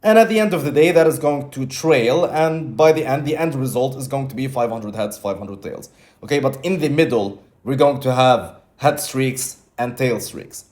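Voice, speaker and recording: A man's voice: mid-range voice, normal speed, darkish tone. Blunt, swearing male trading mentor. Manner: blunt, repetitive, swears casually; acts out his own inner voice in quotes. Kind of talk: casual teaching monologue.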